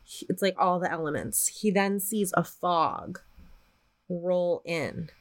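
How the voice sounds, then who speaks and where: A woman's voice: on the low side, slow pace. A woman co-hosting a podcast, casually retelling a ghost story with plenty of swearing. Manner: profane, animated retelling of a spooky story. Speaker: podcast co-host.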